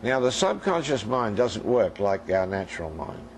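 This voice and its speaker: Older male preacher with a gravelly voice. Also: lowish voice, sing-song, normal speed, slight background noise, low-quality recording. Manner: storytelling preacher acting out dialogue, addressing the congregation directly. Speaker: minister. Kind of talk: sermon.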